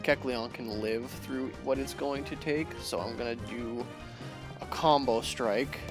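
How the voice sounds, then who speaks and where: An exasperated gamer talking through a stubborn battle in a slow, drawn-out way. The commentary keeps tipping into frustrated laughter. Quiet game music plays faintly behind the voice. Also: medium pitch. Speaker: let's play host.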